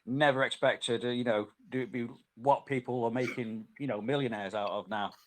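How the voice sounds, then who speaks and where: A man's voice: mid-range voice, steady tone, normal speed, a little hiss or hum. A man with a British accent, rambling with many fillers in a casual voice chat.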